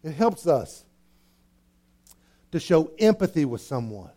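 A man's voice: a little high, big pitch swings, slow pace, long pauses, dark tone. A man preaching a sermon, emphatic and repetitive, asking his listeners rhetorical questions. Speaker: pastor.

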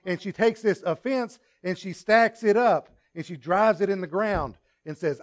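A male pastor delivering a sermon as a string of everyday stories, turning often to the congregation with asides. He swings between punchy emphasis and quiet remarks, in a voice that sits fairly high for a man. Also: normal speed, hardly any pauses. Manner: conversational storytelling with asides to the congregation.

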